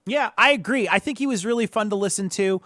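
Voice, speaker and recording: A man from Northern Illinois co-hosting a podcast, talking in a rambling, animated way with restarts and swearing. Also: high-pitched, fast, no room sound, studio quality. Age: adult, past college. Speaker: podcast co-host. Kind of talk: casual chat.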